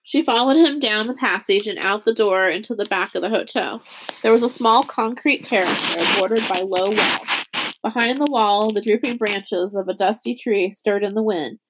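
A woman narrating a children's novel audiobook in a steady, measured storytelling voice. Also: mid-range voice, a little hiss or hum. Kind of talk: scripted narration.

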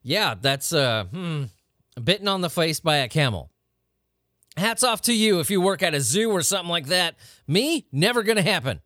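Guy ranting on his podcast, swears a lot, voice jumps all over, kinda high, dry sound. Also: normal speed, dry recording. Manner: profane, animated, incredulous. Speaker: podcast host. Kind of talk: casual comedic rant.

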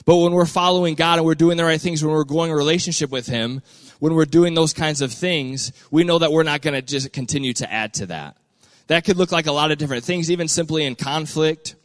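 A man's voice: on the high side, fairly quick, dry recording. A young man preaching in a casual, chatty way, full of slang, who acts out the quoted lines in a raised voice. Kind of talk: casual sermon.

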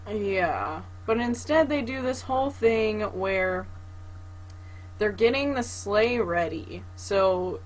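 Lady co-host recapping a movie, takes her time, expressive, squeaks now and then. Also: slow. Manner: expressive, drifts into squeaky put-on outbursts. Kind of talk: casual chat recapping a movie.

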